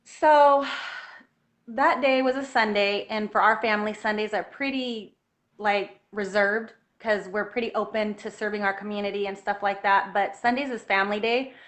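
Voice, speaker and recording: A woman telling a personal story in an earnest, animated way, at times close to tears. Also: medium pitch, normal speed. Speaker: guest telling her story.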